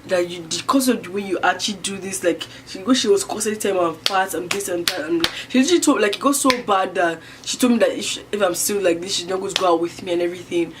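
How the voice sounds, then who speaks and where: A young woman from Niger telling a personal story to camera in a rambling way, full of fillers. She swings from loud bursts to hushed near-whispers. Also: on the low side, quick pace, few pauses, background noise. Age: young adult. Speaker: vlogger.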